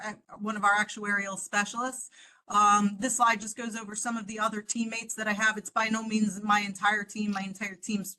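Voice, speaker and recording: A woman's voice: a little high, pushed and bright, poor audio. A woman auditor presenting a report to a board over a video call, explaining step by step with frequent "um"s. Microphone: computer mic on a video call.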